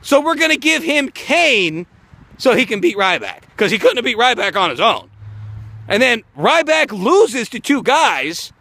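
A man's voice: very high voice, very animated, a little slow, bright, forceful tone. A man ranting profanely outdoors in the snow, reacting to a wrestling show in a heated vlog. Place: outdoors in snowfall.

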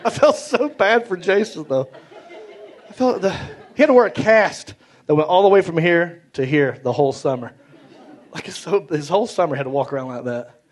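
A man telling an animated stand-up story on stage, acting out other people in big voices. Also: on the high side, normal speed. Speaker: stand-up comedian. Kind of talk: stand-up comedy set. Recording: live club recording, roomy, loud crowd. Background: audience laughter.

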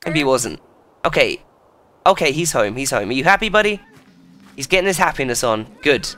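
A man giving excitable, sweary commentary while playing a video game. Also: a little fast. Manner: excitable, swears a lot, jumps in pitch. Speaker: gaming YouTuber. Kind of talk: casual let's play commentary.

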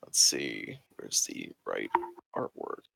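A man's voice: rumbling low, expressive, takes it slowly, vocal fry, heavy background noise. A man narrating as game master in a casual tabletop game, with many fillers.

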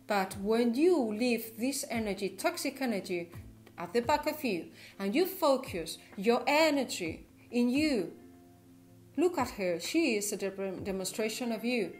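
Gushing woman tarot reader, soft music behind. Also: fairly high pitch, animated, unhurried. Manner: gushing, affectionate, with restarts. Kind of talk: tarot reading to viewers.

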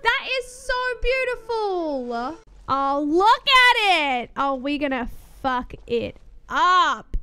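A young woman streaming a game, gushing and excitable, swearing casually as she reacts. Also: sits high, slow, over music. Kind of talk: gaming reaction commentary.

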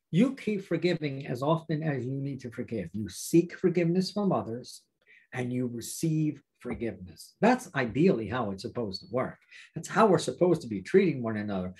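A pastor teaching a Bible study to viewers, speaking emphatically and asking rhetorical questions. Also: male voice, medium pitch, slightly rough. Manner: warm, direct address to viewers.

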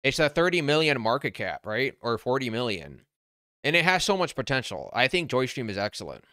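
Brash guy half-yelling on a livestream, bright punchy voice, super dry sound. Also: medium pitch, very animated, a little fast, dry recording. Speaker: crypto channel host. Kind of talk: casual livestream chat answering viewer comments. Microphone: wearing noise-canceling headphones.

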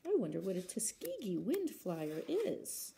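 A woman's voice: medium pitch, wildly swooping pitch, a little slow, creaky, mellow, a little hiss or hum. A woman librarian reading picture books aloud at children's story time, acting out sound words and stopping to ask the children questions.

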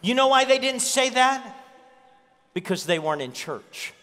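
A man with a high, ringing voice preaches to his church, telling stories and hammering points home by repeating them. His voice carries a long reverb through the hall. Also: animated, a little slow, pushed and bright. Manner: storytelling preacher, repeats key lines for emphasis. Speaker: pastor. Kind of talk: sermon.

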